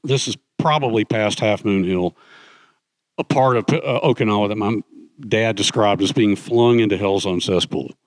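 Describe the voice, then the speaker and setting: A middle-aged man telling anecdotes in a relaxed conversational way, animatedly acting out the voices of people he quotes. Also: fairly low pitch, normal speed, no echo. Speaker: guest speaker, author. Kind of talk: conversational storytelling.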